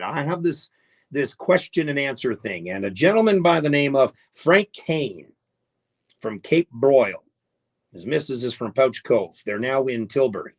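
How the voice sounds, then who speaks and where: A man hosting a live radio show in casual, jokey chat, greeting listeners by name. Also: on the high side. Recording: faint music behind the voice.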